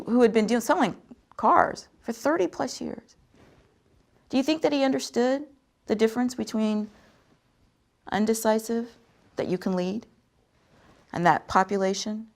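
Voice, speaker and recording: A woman host recounts a story in a lively, animated voice that sits somewhat high and swings widely in pitch. She talks conversationally and leans on words for emphasis. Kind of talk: storytelling talk on sales.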